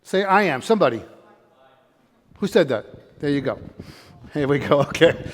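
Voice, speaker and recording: High-voiced energetic man speaking to a crowd. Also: moderate pace, pauses often. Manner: energetic, quizzes and calls out to the audience. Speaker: motivational speaker. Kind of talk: live motivational talk to an audience. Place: room with an audience. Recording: long hall reverb.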